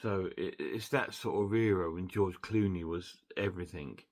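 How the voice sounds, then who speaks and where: A man's voice: low voice, moderate pace, darkish tone. Chatty man rambling through a recap. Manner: rambling, chatty, with many restarts and fillers. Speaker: film reviewer. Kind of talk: casual film recap.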